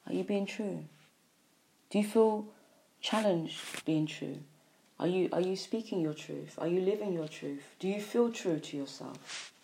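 A woman giving a spiritual monologue, repeating phrases in a preachy way, sighing and swinging between soft and loud. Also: on the low side, measured pace, gravelly, slight background noise. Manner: repetitive, preachy, with sighs and emphatic swings in loudness. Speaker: spiritual speaker.

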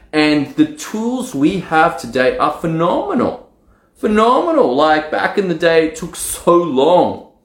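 A man giving a solo coaching talk on marketing, energetic, acting out his own excited inner voice now and then. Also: medium pitch. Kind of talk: solo direct-to-camera talk. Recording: roomy echo.

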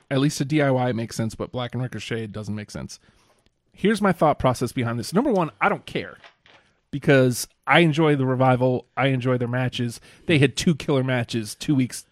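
Excitable man talking wrestling. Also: medium pitch, normal speed, no echo. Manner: enthusiastic, acts out quotes in excited bursts. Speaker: podcast co-host. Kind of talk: casual wrestling chat.

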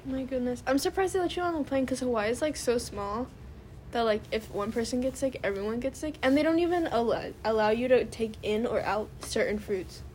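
Chatty young woman, high voice, faint hiss. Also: fairly quick, a little mellow. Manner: rambling storyteller, fills every phrase with "like". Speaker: podcast co-host. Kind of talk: casual chat.

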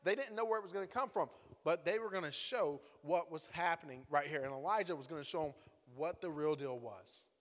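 A man's voice: a little high, a little fast. A man giving a playful, dramatic sermon in a conversational tone, in a church hall. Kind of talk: lively sermon storytelling. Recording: echoey hall.

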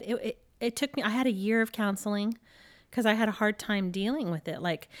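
A woman in her forties sits in casual conversation with her husband, speaking candidly about hard years. She tells her stories with animation, acting out old exchanges and laughing along the way. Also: mid-range voice. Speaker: podcast co-host, ministry leader.

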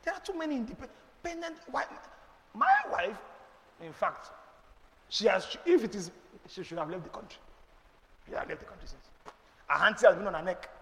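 Nigerian pastor guy preaching, emphatic and rhetorical, sharp bright tone, echoey church hall. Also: sits high, sing-song, normal speed, long pauses. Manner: emphatic, rhetorical, preacherly, with sudden loud bursts. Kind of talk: sermon answering questions.

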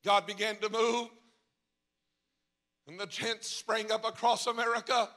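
A man preaching a revival sermon as pastor, shouting in a sung cadence at the peaks and dropping low and quiet in between. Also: flat delivery, unhurried. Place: church sanctuary. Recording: long reverb of a large hall.

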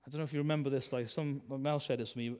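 A man, a minister preaching a sermon in a chatty style, full of tag questions and swings between loud and soft. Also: mid-range voice, fairly even intonation, very fast, clean tone.

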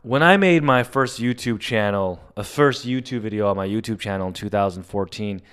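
A man hosting a solo comedy podcast, telling stories in a rambling, profane way with sudden loud bursts. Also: fairly low pitch, normal speed, clean tone. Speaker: podcast host. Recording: audio-only podcast mic.

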